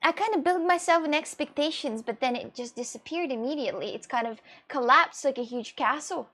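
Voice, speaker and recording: A woman from Russia with a Russian accent, a streamer chatting casually as she answers viewer questions, rambling and expressive, often laughing and swearing. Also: high-pitched, brisk.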